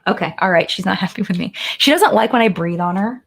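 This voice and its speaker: A woman's voice: mid-range voice, lively intonation, quick pace, gravelly, husky. A woman hosting a casual live-stream chat from home, gushing and chatty with lots of "like", sliding into sing-song baby talk for her dogs.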